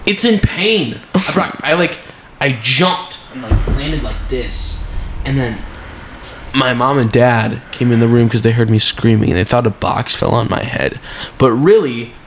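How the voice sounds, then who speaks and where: A man's voice: mid-range voice, measured pace, noisy background. A young man co-hosting a casual podcast, telling a story animatedly and dramatically. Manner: animated, laughing, dramatic retelling. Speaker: podcast co-host.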